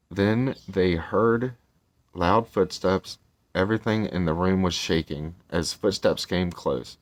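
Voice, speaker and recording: A man's voice: sits low, slow pace. A man casually reading a storybook aloud, with rambling, chatty asides and self-corrections.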